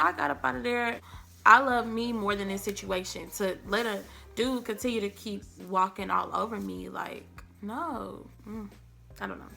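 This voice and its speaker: A young woman vlogger, telling a dramatic storytime in a casual, animated way. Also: medium pitch, vocal fry. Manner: animated, dramatic, acts out quotes. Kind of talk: storytime vlog. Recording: faint background music.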